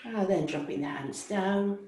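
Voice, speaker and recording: A woman teaching a chair yoga class, giving slow, gentle cues timed to the breath. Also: medium pitch. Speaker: yoga instructor. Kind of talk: guided chair yoga instruction. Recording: roomy echo.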